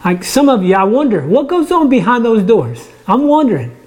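This man's voice is very high and darkish, very animated yet at a normal speed. He heads a church ministry and preaches casually from home, speaking conversationally, restarting words often and joking at his own expense.

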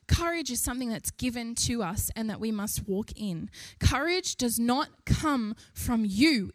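A young woman preaching a sermon in an animated way, lifting her voice to stress each point. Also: high voice, no echo. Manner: animated, rising with emphasis, laughs between points.

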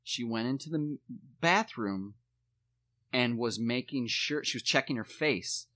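A man chatting casually about his kids, telling stories and swearing in a relaxed way. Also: mid-range voice, a little slow. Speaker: podcast co-host, father. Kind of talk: casual chat.

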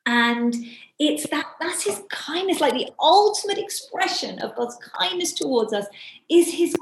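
Brief: female podcast co-host, fairly high voice, chatty storyteller, echoey room. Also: expressive, slight background noise. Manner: chatty storyteller, quick asides. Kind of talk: casual faith discussion.

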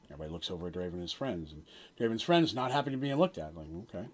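A man's voice: low-pitched, animated, rapid-fire. A man runs a tabletop game, telling the scene in a loose, rambling way. His voice moves up and down a lot as he talks. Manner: casual, rambling narration with restarts. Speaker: game master.

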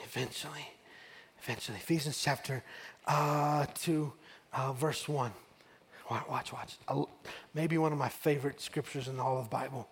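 A man's voice: medium pitch, fairly even intonation, moderate pace, husky. A middle-aged man from West Texas preaching a sermon, building call-and-response refrains and telling a family story. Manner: call-and-response, rising to shouts.

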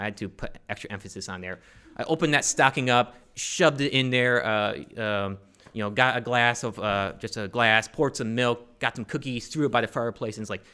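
A man's voice: mid-range voice, normal speed, sharp tone, smooth. Rambling, joking man telling a story. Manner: rambling, joking, many fillers and restarts. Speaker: storyteller on stage. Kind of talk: personal story told to a live audience.

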